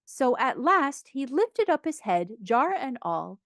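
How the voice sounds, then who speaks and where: Woman narrator for a children's classic, unhurried and lively in pitch, expressive storytelling. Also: no room sound, studio quality. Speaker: audiobook reader.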